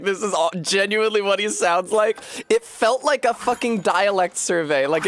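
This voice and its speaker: A man streaming a game from his home setup talks in loose, rambling asides, full of jokes and swearing. His voice sits a bit higher than most men's. Soft game music plays faintly underneath. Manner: joking, profane, rambling asides. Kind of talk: casual chat while gaming on stream.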